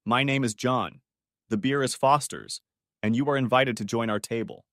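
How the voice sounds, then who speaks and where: A man's voice: mid-range voice, moderate pace, a bit bright, no room sound, clean studio sound, natural voice. A man voicing a big, blunt, teasing man in his sixties in an audiobook story. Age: 60s. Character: big older Australian man, blunt and sociable.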